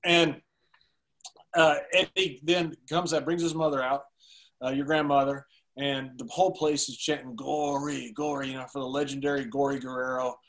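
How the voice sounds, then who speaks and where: A man telling a long story as a guest in a podcast interview, animated and laughing as he goes. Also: mid-range voice, moderate pace.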